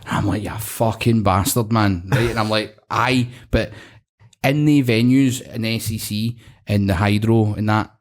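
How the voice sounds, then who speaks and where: A man's voice: lowish voice, steady tone, normal speed. A Scottish man hosting a podcast in casual chat, swearing freely and acting out phone calls as he tells stories. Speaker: podcast host.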